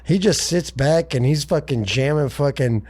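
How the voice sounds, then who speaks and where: A podcast co-host who has been drinking tells a long, profane comic story in casual chat, rambling and voicing the characters in passing asides. His voice is fairly high with a darkish tone, at a moderate pace.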